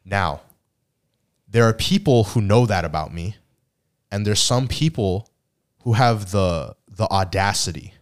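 A man co-hosting a podcast, telling a story in a casual, animated way and acting out the people in it. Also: lowish voice, measured pace, pauses often, clear, resonant tone. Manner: animated storyteller, acts out quotes, teasing. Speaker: podcast co-host.

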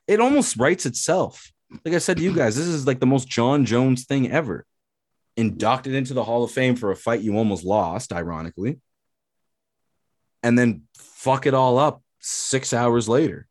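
A man's voice: medium pitch, expressive, moderate pace, a little mellow, dry recording, clean studio sound. A man hosting a casual sports podcast, ranting hotly with swearing and repeated phrases. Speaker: podcast host.

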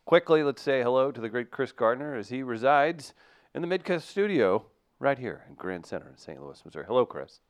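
A man's voice: medium pitch, big pitch swings, fairly quick, no room sound. A man hosting a casual morning radio show in a studio, teasing his co-hosts with wry, dry humor.

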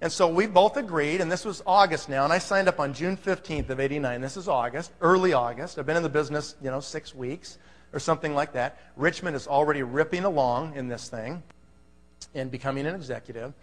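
Guy up front at a seminar telling a story, pretty high voice, emphatic, keeps saying okay, big echoey hall. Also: fairly quick. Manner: emphatic, conversational, frequent "okay?" check-ins. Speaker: presenter at a business seminar. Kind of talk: storytelling presentation to a live audience.

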